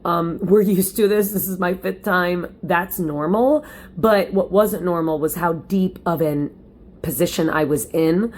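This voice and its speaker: A woman vlogger with a fairly low alto voice talks casually to camera at home, lit by window light. She is chatty and animated, addressing her viewers directly as she tells her story, with a little hiss or hum in the recording.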